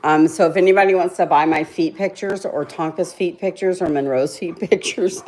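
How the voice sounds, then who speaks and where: A woman's voice: lowish voice, steady tone, normal speed, a little mellow. A middle-aged woman, chatting casually with viewers on a livestream and laughing often at herself. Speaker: livestream host.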